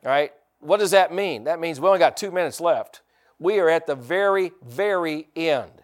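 This is a man preaching from the pulpit, with a voice sitting a little higher than most men's. He leans hard on call-and-response and keeps coming back to the same phrases. He slows right down whenever he wants a word to land. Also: expressive. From United States. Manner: slows down to stress key words. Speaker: pastor. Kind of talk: sermon.

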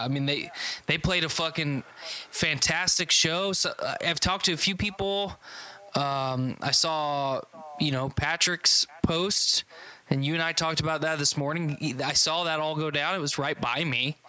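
A man's voice: on the high side, a little slow, sharp tone, low-quality recording. A man in casual chat, recapping a concert he saw in a loose, rambling way with frequent swearing and restarts.

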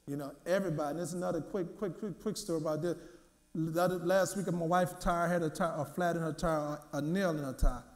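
A male minister preaching a sermon, telling a personal testimony in a lively way and repeating his words as he goes. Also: on the high side, quick pace, roomy sound. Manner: lively storytelling, repeats words, acts out quotes.

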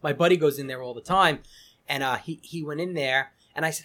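A middle-aged man who founded a cigar company chats as a guest in a casual podcast interview, rambling with many restarts and repeated words. His voice is on the high side, bright and forceful, and fairly quick.

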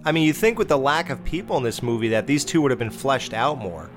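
A man talks through a movie in a casual, rambling way, blunt and full of opinions. His voice sits at an ordinary middle pitch. Faint music plays quietly behind him. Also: animated, quick pace. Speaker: podcast host.

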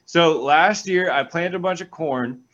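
A man, a pastor, reading scripture aloud and breaking off into energetic, animated stories with quick asides. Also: fairly high pitch, muffled recording. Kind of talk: reading scripture and preaching in a talk show.

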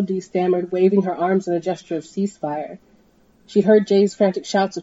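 A woman's voice: on the low side, fairly even intonation, moderate pace, slightly rough, dry recording, muffled recording. Woman reading a tense story aloud. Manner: intense, rising to shouts in tense scenes. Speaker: podcast host and story reader.

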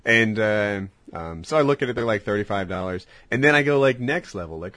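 A man's voice: lowish voice, fairly quick, hardly any pauses, no room sound. Guy hosting a podcast, bouncy voice all over the place, laughs a lot, dry close mic. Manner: laughing, animated storytelling. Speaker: podcast host. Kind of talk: casual podcast banter.

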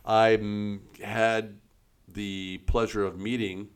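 A man's voice: fairly low pitch, flat delivery, slow, smooth. A man co-hosting a casual tabletop gaming podcast, rambling and hunting for words with frequent fillers. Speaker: co-host, game store staff.

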